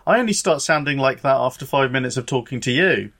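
A man hosting a podcast in casual chat, dry and deadpan, with hesitant ums. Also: medium pitch, fast talker. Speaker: podcast host.

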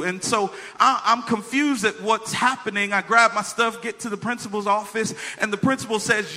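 A pastor preaching a sermon, reading scripture with humorous asides and telling a childhood story in a conversational way. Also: male voice, sits high, steady tone, normal speed, hardly any pauses, bright, forceful tone.

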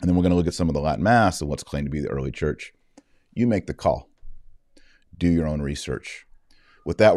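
Deep-voiced man hosting commentary. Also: a little mellow, dry recording, studio quality. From Texas. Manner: chatty, joking, with fillers and asides. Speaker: host. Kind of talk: casual commentary on video clips.

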